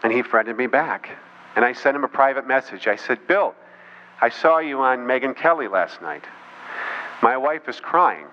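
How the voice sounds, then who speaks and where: Heard through a faintly noisy, muffled lo-fi recording, a man delivers a speech at a normal pace. He's a political speaker with a medium, expressive voice, spinning a story full of quoted voices and scornful side comments.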